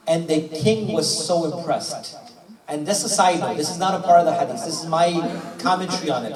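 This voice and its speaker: A male preacher telling a story in a sermon, acting out the dialogue with lively chuckles. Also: a little high, moderate pace, crowd noise. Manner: animated, acts out the dialogue of the story, chuckles often. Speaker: mufti, preacher. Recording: echoey hall from far off with audience.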